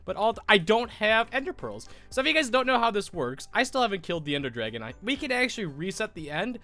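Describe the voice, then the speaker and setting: Stuffy and sniffling from a cold, a young American Minecraft YouTuber rambles through casual gameplay commentary, correcting himself as he goes. His high voice is very animated, fast, bright and forceful, with faint music in the background.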